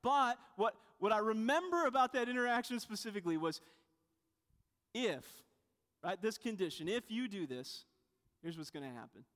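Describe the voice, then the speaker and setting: A man with a high voice delivers a sermon, chatting and telling stories as he goes. He often breaks off and restarts his sentences, adding asides along the way. His voice carries a long reverb, as if filling a church hall. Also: lively intonation, normal speed, a bit bright. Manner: conversational, with frequent restarts and asides. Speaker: pastor. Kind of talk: sermon with storytelling.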